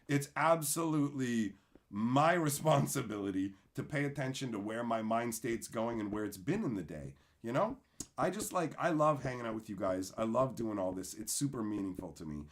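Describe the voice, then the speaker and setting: During a live stream, a man reads viewers' messages aloud and rants in frustration, swearing often. His mid-range voice is expressive and brisk.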